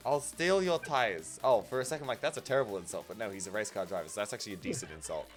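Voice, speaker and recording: A man's voice: lowish voice, animated, racing, faint music behind. A young man hosting a casual stream chat, reading viewer messages aloud, rambling with many fillers and frequent giggles. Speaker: streamer host.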